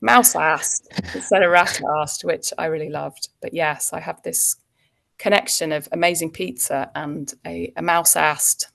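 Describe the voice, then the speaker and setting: A woman's voice: deep voice, level tone, unhurried, gravelly, a bit bright. A woman, an actor chatting as a guest and telling anecdotes with frequent ums and laughs. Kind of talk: casual interview chat.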